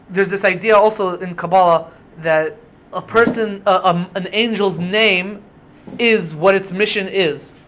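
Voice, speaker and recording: A young man with a notably high voice casually unpacks a Bible story for his podcast. He explains it conversationally, working Hebrew terms into his talk. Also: fairly bright tone. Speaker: podcast host teaching Bible stories. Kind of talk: casual Torah study talk.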